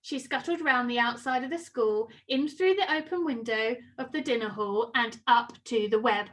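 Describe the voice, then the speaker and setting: A woman reading a children's story aloud with expressive, sing-song storytelling. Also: fairly high pitch, moderate pace.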